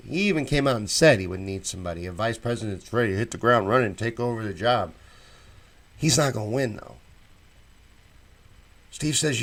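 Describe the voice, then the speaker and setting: A man hosting a casual live stream, reading viewer comments aloud and answering each one with his own opinions. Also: medium pitch. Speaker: show host reading live chat.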